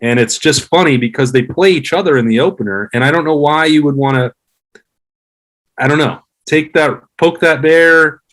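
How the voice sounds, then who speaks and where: Measured man talking sports. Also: fairly high pitch, a bit bright, poor audio. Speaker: podcast guest, former player. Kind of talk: casual sports chat.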